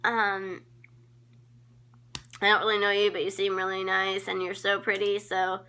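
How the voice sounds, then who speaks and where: A teenage girl chats into her phone camera in an unhurried, drawn-out way, filling her talk with ums, likes and giggles. Her voice is bright and a little tense. She gushes over friends in a casual shout-out vlog. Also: medium pitch, level tone. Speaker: vlogger.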